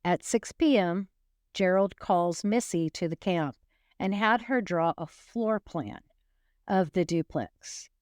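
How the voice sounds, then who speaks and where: A woman narrates a grim case in an easy, conversational way, wandering into asides and restarting her sentences. Her voice sits a little low and clean, taken up close with no room sound. She takes her time with every line. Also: animated, slow pace, darkish tone, no echo. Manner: rambling, self-correcting, wry asides. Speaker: true crime podcast host. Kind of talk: casual true crime storytelling.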